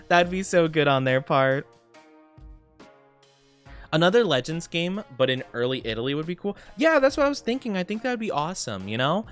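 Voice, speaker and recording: Guy vtuber yapping to chat, kinda high voice, super bouncy and animated, laughs a lot, soft music in the back. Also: normal speed, pauses often, clear, resonant tone. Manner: rambling, chatty, frequent laughs and "like" fillers; excitable, gasping greetings to viewers. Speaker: VTuber streamer reading chat. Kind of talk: casual livestream chat while gaming.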